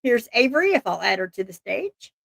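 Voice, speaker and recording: A woman hosts a casual live stream in a high, bright-pitched voice. She rambles excitably and laughs often, and her voice sounds dry and close with no room echo. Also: brisk, gravelly. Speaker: livestream host.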